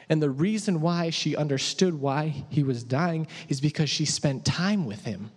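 A man preaching a sermon in a conversational, animated way, asking his audience questions. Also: on the high side, normal speed, hardly any pauses, slightly rough. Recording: echoey hall.

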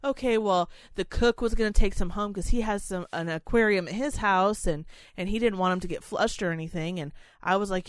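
A woman's voice: medium pitch, brisk, hardly any pauses, no echo. A young adult woman telling a story in a casual, angry rant, swearing freely and dramatizing it. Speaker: podcast co-host telling a story.

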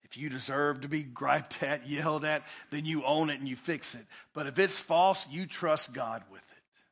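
Male pastor, sermon delivery, bright tone, slightly high pitch, dynamic emphasis. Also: normal speed. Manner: preaching with rising and falling intensity.

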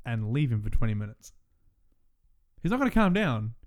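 A man's voice: mid-range voice, big pitch swings, normal speed. A man co-hosting a podcast in casual chat, playful and laughing often. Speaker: podcast co-host.

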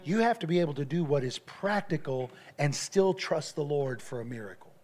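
A man's voice: fairly high pitch, animated, moderate pace, a little mellow. A male pastor preaching a sermon, telling stories with energy and often repeating his phrases.

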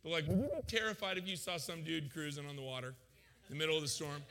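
Animated, joking male pastor preaching. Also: fairly high pitch, quick pace. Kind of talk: sermon. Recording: long hall reverb.

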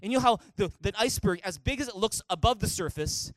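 High-voiced pastor preaching with animation. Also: male voice, quick pace, no echo. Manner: animated, acts out quoted voices. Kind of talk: sermon. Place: church auditorium.

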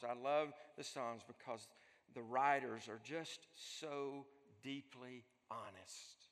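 A man preaching a sermon as pastor, speaking earnestly, building up and then dropping to a soft voice. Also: medium pitch, slow. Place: church. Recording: long echo of a large hall.

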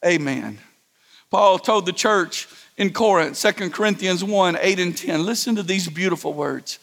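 A man's voice: sits high, expressive, moderate pace, creaky, a bit bright, long reverb tail. A male pastor preaching a sermon to a church congregation, often restarting words and calling for responses. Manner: preaching with repeated stammered restarts and call-and-response.

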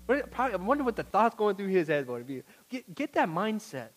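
A male pastor preaching a sermon to his congregation, moving from quiet, intimate words to loud pleading and asking the room questions. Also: high voice, very animated, fast talker, few pauses, poor audio.

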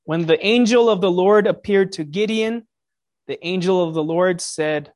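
A preacher giving a sermon in a conversational way, with jokey asides and sudden rises in pitch and loudness for emphasis. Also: normal speed.

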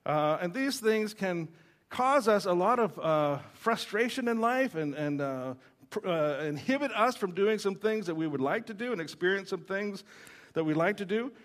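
A man's voice: high-pitched, lively intonation, normal speed. A man, a pastor, preaching a sermon in a joking, storytelling way with frequent fillers and restarts.

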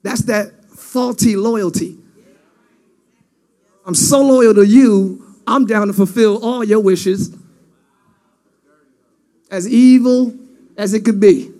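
A male preacher giving an animated sermon in casual slang, often breaking into shouts. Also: high voice, slow pace, long pauses.

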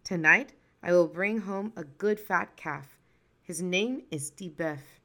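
A woman's voice: on the low side, slow pace, exaggerated voice. A woman voicing Uncle Buki, a greedy, scheming male trickster in a folktale, sly and sweet-talking when he wants something. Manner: sly, turns loud and panicked.

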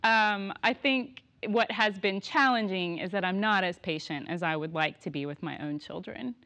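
A woman in her thirties telling stories in casual conversation, laughing often and animated. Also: mid-range voice, moderate pace. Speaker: guest.

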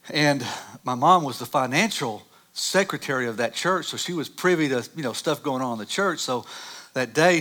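A pastor with a medium-pitched voice delivers a sermon, reading scripture and telling animated personal stories. His voice rises loud at the dramatic moments.

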